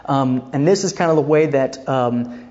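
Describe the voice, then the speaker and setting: A man teaching a Christian counseling class in a relaxed, conversational way. He often checks in with his listeners and retells scripture scenes in everyday speech. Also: medium pitch, moderate pace, dull audio.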